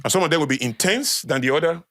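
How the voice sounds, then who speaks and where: A man's voice: fairly high pitch, big pitch swings, very fast, a bit bright, no room sound, clean studio sound. Emphatic Nigerian man lecturing. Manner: emphatic, repeats key phrases for weight. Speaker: podcast guest. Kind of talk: conversational lecturing. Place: podcast studio.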